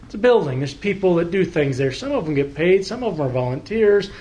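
Man preaching with a higher voice. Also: very animated, fairly quick, mellow. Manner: conversational preaching with rhetorical questions and acted-out dialogue. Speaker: pastor. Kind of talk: sermon.

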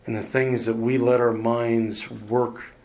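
A man preaching a sermon, emphatic and deliberate, leaning hard on key words and pausing for effect. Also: mid-range voice, flat delivery, creaky, a little mellow. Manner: emphatic, repeats words for emphasis, slow deliberate delivery with dramatic pauses. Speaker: pastor.

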